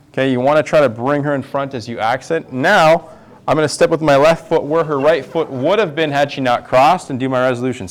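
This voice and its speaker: Man counting out tango steps. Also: fairly high pitch. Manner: counts steps aloud while demonstrating. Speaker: tango instructor. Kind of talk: dance class instruction. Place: dance studio.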